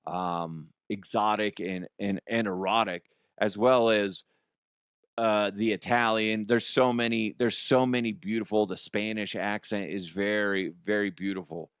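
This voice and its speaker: A man's voice: fairly low pitch, steady tone, a little slow, a bit bright, clean tone, no room sound, studio quality. A man hosting a comedy podcast, rambling through a crude monologue, giggling and swearing.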